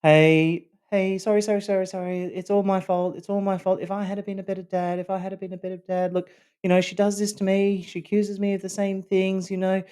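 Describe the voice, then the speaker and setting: A man mimicking his father-in-law, an older man who grovels and keeps blaming himself in a high, pleading voice. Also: level tone, a little fast, few pauses, a little mellow, clean tone, lightly acted. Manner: pleading, repeats apologies in a rush.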